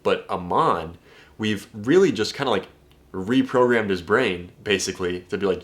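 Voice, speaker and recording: A man with a fairly low voice walks viewers through text conversations as a dating coach. He talks emphatically, drops profanity freely, and keeps turning to the audience with questions. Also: lively intonation, moderate pace. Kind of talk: casual video breakdown of text messages.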